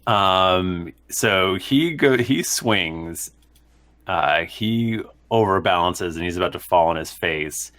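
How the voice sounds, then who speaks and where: A man running a tabletop game as game master, narrating with many pauses and fillers. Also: deep voice, expressive, a bit bright.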